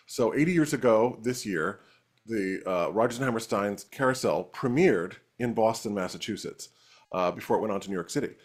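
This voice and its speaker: A man co-hosting a talk show, giving his opinion in a heated, ranting way. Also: lowish voice. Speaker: co-host.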